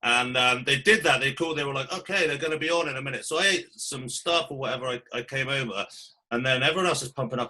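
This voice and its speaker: A man co-hosting a podcast, telling stories in a casual, sweary, animated way. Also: medium pitch, fast talker. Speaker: podcast co-host. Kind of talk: casual chat.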